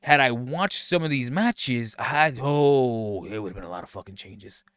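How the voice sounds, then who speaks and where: A man's voice: medium pitch, moderate pace, smooth, no echo, studio quality. Sarcastic, profane man commentating. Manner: animated, sarcastic, swears a lot, acts out quotes. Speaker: show host recounting backstage story. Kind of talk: casual profane commentary over match footage.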